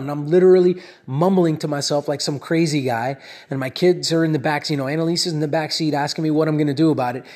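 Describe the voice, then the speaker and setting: Rambling storyteller man with a higher voice. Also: quick pace. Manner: animated, rambling, often asks "right?" and "you know?". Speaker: speaker addressing his audience. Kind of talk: personal storytelling with a lesson.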